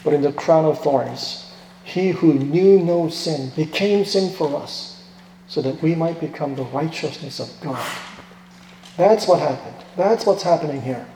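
A man preaching in a church sanctuary, his voice a little high but mellow and dark in tone. He swings between hushed, slow lines and loud, pleading outbursts. The room rings with a long, echoey reverb. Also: a little hiss or hum. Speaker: pastor. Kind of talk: sermon.

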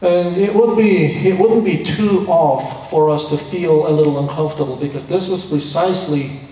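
A male pastor delivers a sermon in a soft-toned, slightly high voice, explaining the passage earnestly and posing rhetorical questions. He sounds distant from the mic. A large hall's long reverb trails after every phrase. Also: moderate pace. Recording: echoey hall from far off.

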